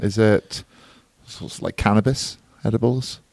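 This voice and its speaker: A man's voice: lowish voice, measured pace, vocal fry, a little mellow, dry recording. A man co-hosting a podcast, teasing his friend in casual banter. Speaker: podcast co-host. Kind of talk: casual chat.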